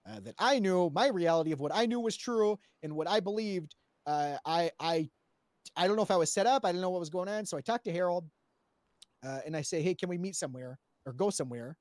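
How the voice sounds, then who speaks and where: A man's voice: sits high, lively intonation, a little fast, no echo. A man recounting a roleplay story to a panel, rambling with lots of fillers and restarts and swearing freely.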